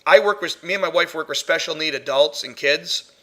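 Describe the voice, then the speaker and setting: Higher-voiced male host, chatty storyteller who laughs a lot. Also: brisk, sharp tone. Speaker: podcast host, paranormal investigator. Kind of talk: casual podcast chat.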